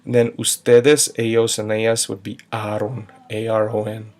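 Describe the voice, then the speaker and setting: A man's voice: on the low side, completely flat delivery, moderate pace, darkish tone. A man teaching a recorded grammar lesson, patiently spelling out verb endings step by step. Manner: patient, spells out endings, sings a short chant. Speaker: Spanish teacher.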